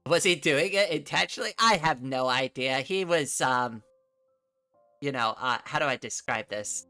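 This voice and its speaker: A woman's voice: extremely low pitch, lively intonation, normal speed, sharp tone, faint music behind. A middle-aged woman from New England chatting casually on a livestream from her room, rambling and laughing often. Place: home room.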